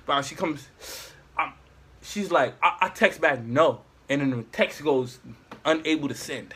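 Young man, husky, slightly high voice, slangy rambling storyteller. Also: unhurried, a bit bright. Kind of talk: casual storytelling chat.

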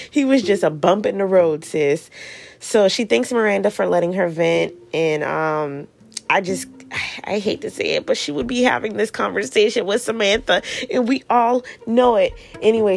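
A woman hosting a casual recap show, animated and sassy, acting out characters' lines in playful voices. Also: medium pitch, creaky. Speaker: podcast host recapping a TV show. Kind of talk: casual chat.

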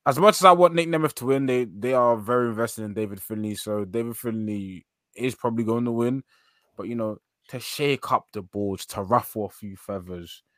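A man's voice: mid-range voice, moderate pace, a bit bright, dry recording. A man co-hosting a casual wrestling podcast, hesitant and full of fillers and repeated words. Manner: hesitant, many fillers and repetitions. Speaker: podcast co-host.

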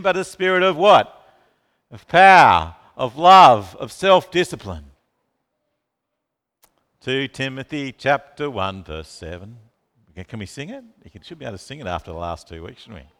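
A man preaching a sermon, asking the congregation questions and calling on listeners by name. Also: sits high. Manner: animated, asks the room questions, calls on listeners by name. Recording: long reverb of a hall.

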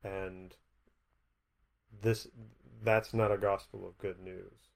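A man's voice: low voice, little pitch movement, takes it slowly, vocal fry. A man in a casual Bible discussion, hesitant, often restarting his sentences.

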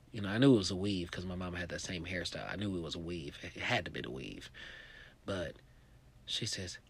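Male stand-up storyteller: lively, swooping delivery, profane and animated. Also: deep voice, brisk, gravelly, breathy edge, no echo. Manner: animated and profane, full of "you know" fillers. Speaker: comedian.

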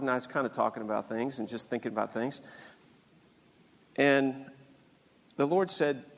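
An older man shares a personal faith story earnestly and animatedly, acting out voices as he goes. His mid-range voice is creaky, at a moderate pace with long pauses, and the recording carries a long hall reverb.

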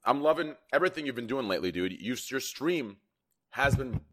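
A man's voice: medium pitch, lively intonation, brisk, a bit bright. A man in casual chat, hesitant and full of fillers.

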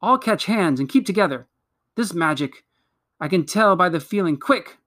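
Quick, plucky schoolboy in a storybook, voiced a bit higher, by a man. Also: natural voice. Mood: urgent.

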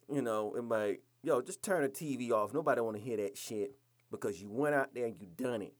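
A man rants on his podcast with a blunt, scolding delivery and plenty of profanity. His speaking voice sits at an ordinary, mid-range pitch. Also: a little fast. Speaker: podcast host. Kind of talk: podcast rant.

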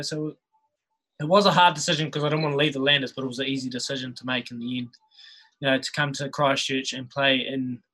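A man with a New Zealand accent talks in a relaxed, chuckling way, often stopping to restart a thought. His voice is bright and forward, sitting a little high for a man. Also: low-quality recording. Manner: laid-back, chuckles often, many restarts. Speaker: podcast guest, rugby player. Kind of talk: casual storytelling chat.

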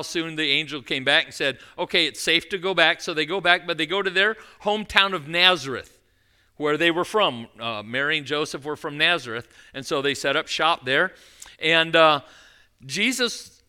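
A man preaching a sermon, retelling a story in casual, lively terms and acting out quoted voices. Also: fairly high pitch, clean tone. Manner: storytelling, animated quoted voices, conversational asides. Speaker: pastor.

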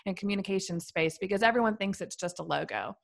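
A woman's voice: mid-range voice, fast talker, vocal fry. A woman guest in an interview, explaining her branding work in an earnest, thoughtful way, building her points in lists. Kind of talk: conversational interview answers.

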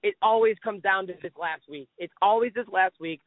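Male sports podcast co-host, high voice, casual and worked up, swears a lot; tinny phone-quality audio. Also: a little fast, no echo. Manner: excitable, exasperated, swears often. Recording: tinny phone-like dry sound.

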